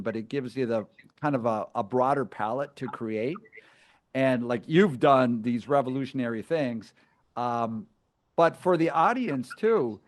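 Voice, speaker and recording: A man hosting an interview, talking enthusiastically with strong emphasis and frequent restarts. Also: mid-range voice. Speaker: interview host. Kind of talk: conversational interview.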